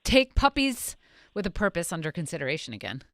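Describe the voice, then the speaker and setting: A woman's voice: lowish voice, big pitch swings, a little fast, no room sound, clean studio sound. A woman co-hosting a casual chat, taking a viewer's call and bantering with her partner. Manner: friendly, laughing banter. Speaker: co-host.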